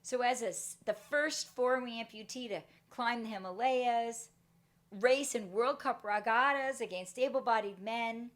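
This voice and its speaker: A middle-aged woman speaks in a fairly high voice, giving a motivational talk. She tells a personal story with energy and acts out the voices of the people in it. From Canada.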